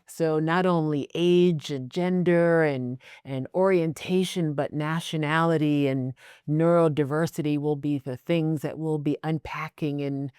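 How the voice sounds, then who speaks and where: An American-accented podcast host talking in a thoughtful, measured way. The voice is smooth and clear, recorded close and dry. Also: medium pitch, fairly even intonation, a little mellow, no echo. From United States. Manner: thoughtful, measured, occasional fillers. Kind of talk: casual interview conversation.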